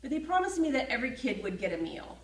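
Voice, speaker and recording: A woman's voice: fairly high pitch, quick pace. Woman telling a personal story, roomy echo. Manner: lively, acts out her own feelings. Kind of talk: personal story told to camera. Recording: roomy echo, voice from a distance from the mic.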